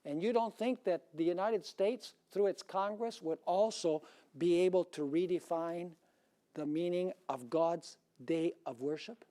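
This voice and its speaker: A man's voice: high voice, a little slow, warm tone. Male pastor preaching hard, lots of "are you with me" style questions to the crowd. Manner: emphatic preaching with rhetorical questions to the audience. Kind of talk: sermon.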